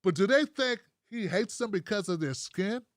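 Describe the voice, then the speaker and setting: A man's voice: high voice, lively intonation, moderate pace, dry recording, studio quality. A man from the United States hosting a political livestream, ranting bluntly with heavy profanity and reading out viewer comments. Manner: reads out live chat comments. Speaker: livestream host.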